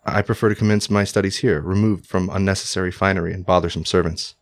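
A deep-voiced man voicing an anxious young scholar-nobleman. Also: steady tone, quick pace. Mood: guarded. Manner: formal, alarmed questioning.

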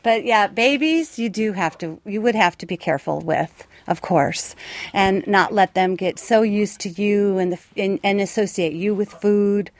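A woman's voice: mid-range voice, normal speed, dry recording. A woman who runs a wild bird rescue, answering interview questions in a chatty way, laughing often and correcting herself.

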